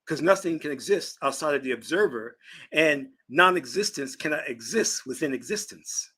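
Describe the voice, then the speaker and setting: Husky, emphatic man lecturing on spirituality. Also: on the high side, animated, bright, forceful tone. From Virginia, US South. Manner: emphatic, preaching, stretches key words slowly. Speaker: spiritual teacher and channel host. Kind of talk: lecturing livestream talk answering chat.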